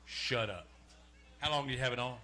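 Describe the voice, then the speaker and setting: A man's voice: mid-range voice, a little fast, sharp tone. A man hosting a live outdoor fishing weigh-in, joking and chatty as he calls out names and weights. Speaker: weigh-in emcee. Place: outdoor lakeside weigh-in stage.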